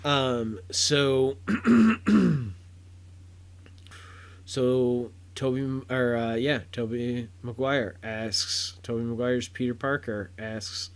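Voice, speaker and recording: Slow, rambling man reviewing a film. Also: medium pitch, clean tone. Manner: rambling, many fillers and restarts; gets loud and excited at big moments. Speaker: podcast host reviewing a film. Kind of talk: casual spoken review.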